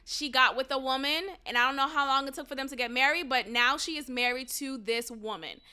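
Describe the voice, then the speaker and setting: Talking a little fast in a high-pitched, sharp and clean voice, a young woman runs her own podcast. Her solo commentary is casual and animated, with free swearing and laughter at her own jokes.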